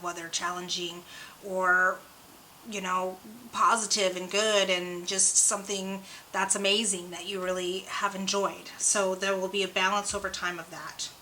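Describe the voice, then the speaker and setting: A young woman talks to her viewers in a loose, rambling vlog style, bubbly and a little hyper. Her voice is bright and ringing, set in the middle of the usual range for women. A faint room ambience sits under her talk. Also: medium pitch, a little hiss or hum, poor audio. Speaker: oracle card reader and channel host. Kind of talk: casual chatty vlog.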